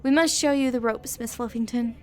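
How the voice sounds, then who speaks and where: Lady reading as a stuck-up posh gentleman boss, grandiose, bit high for a guy. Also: brisk, slight background noise, close to an everyday voice. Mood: smug. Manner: grandiose, pompous. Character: pompous aristocratic man, smug gentleman boss.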